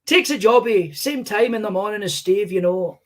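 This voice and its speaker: A man does a stand-up impression of a famous older Scottish comedian, telling rambling, sweary anecdotes in a Scottish accent. His voice is pushed up high and lightly acted, at normal speed, in a storytelling mood.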